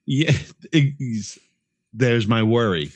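A podcast co-host jokes and teases in casual chat, frequently stumbling and starting his sentences over. His medium-pitched voice is expressive, he draws out his words, and there is no room sound.

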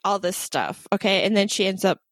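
A woman in her thirties co-hosting a casual chat podcast, animated and sarcastic, laughing often. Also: medium pitch, fairly quick, no room sound. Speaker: podcast co-host.

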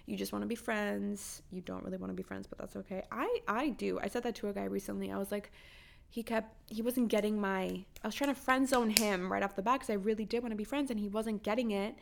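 Gravelly young woman, candid podcast host. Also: medium pitch, fairly even intonation, quick pace. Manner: candid, swearing, emphatic rhetorical questions. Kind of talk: casual advice chat.

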